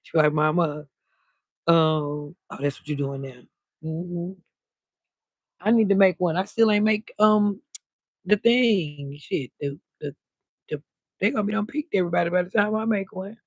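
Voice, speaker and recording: A woman's voice: on the low side, unhurried, pauses often, no echo, lo-fi sound. A woman hosting a casual late-night livestream, chatting freely and greeting viewers by name, drawing her words out. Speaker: livestream host.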